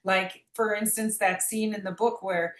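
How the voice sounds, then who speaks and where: A woman's voice: medium pitch, fairly even intonation, a little slow. Earnest, rambling woman in an echoey room. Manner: earnest, rambling, many restarts. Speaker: guest, memoir author. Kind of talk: reflective conversational interview.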